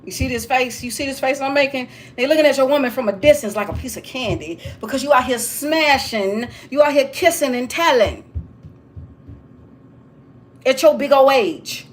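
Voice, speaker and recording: High-voiced woman lecturing, emphatic and repetitive. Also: normal speed, slight background noise. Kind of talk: preachy straight-talk monologue.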